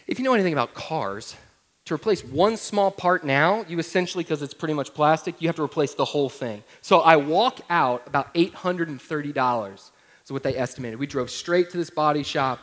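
Pastor with a higher male voice. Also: fairly quick, fairly bright tone. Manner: humorous personal storytelling; conversational, addresses listeners directly. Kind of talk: sermon.

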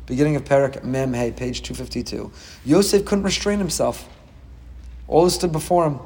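A middle-aged man teaching a Torah class as a rabbi, dramatic and animated, with quick humorous asides. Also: mid-range voice, big-room sound.

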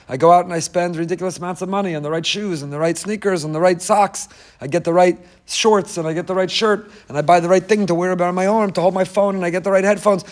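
Emphatic man giving a lively Torah lecture. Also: high voice, fast talker. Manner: emphatic, repeats key phrases, joking asides. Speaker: rabbi teaching a class.

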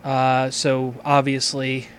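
A man hosting a podcast, chatting casually and reading sponsor spots in a loose, profane, excitable way. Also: mid-range voice, slow pace, slight background noise. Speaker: podcast host.

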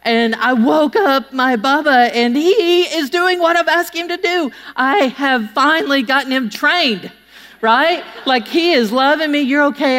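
A middle-aged woman telling a funny story from a stage, chatty and folksy. She slips into little voices for the people she quotes. Her voice sits a bit high and rings with the long reverb of a large hall. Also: fairly bright tone. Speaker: public speaker. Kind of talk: humorous storytelling speech to an audience.

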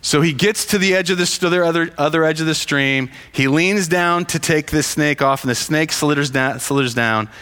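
A man telling a parable in casual storytelling, halting with frequent fillers and restarts. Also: on the high side, sharp tone, clear, resonant tone. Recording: long hall reverb.

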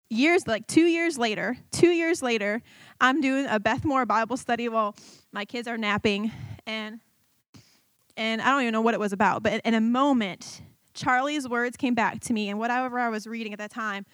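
A woman in her thirties giving a personal testimony to her church, talking haltingly with many fillers and restarts. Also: a little high, a bit bright, no echo. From Michigan. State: tearful.

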